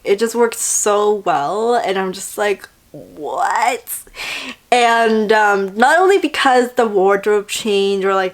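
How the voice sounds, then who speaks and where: A young woman chatting casually in a vlog, reviewing a TV drama in an excitable way, with lots of "like" and little acted-out quotes. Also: medium pitch.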